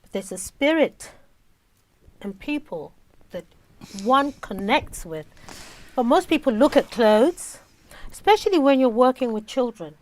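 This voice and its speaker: A woman hosting an interview, affirming her guest and speaking in halting bursts. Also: sits high, big pitch swings, a little mellow, low-quality recording. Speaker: interview host. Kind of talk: casual interview chat.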